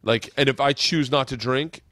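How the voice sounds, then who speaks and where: A man's voice: mid-range voice, moderate pace, no echo, clean studio sound. A man hosting a podcast in casual chat, telling swearing anecdotes and acting out the people in them. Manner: animated storytelling, acting out quoted voices; swears freely. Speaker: podcast host.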